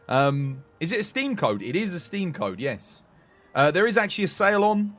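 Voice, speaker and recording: A British man chatting casually with his live-stream viewers, rambling and answering chat. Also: on the high side. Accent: British English. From United Kingdom.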